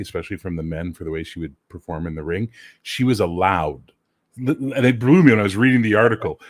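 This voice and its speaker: A man chatting casually on a livestream, telling animated stories, swearing freely and mimicking other voices. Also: low-pitched, no room sound. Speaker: livestream co-host. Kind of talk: casual chat.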